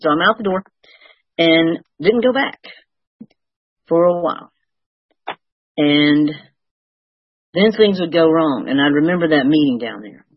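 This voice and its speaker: A woman's voice: low voice, husky, dry recording, muffled recording. An older woman sharing her recovery story with wry, self-mocking humor. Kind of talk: personal testimony, storytelling.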